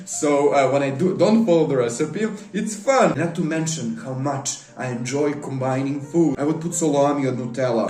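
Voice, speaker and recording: A man's voice: a little high, warm tone. A man hosting a casual cooking vlog at home, rambling and jumping between thoughts with self-mocking asides. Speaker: YouTube host. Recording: echoey room with faint music.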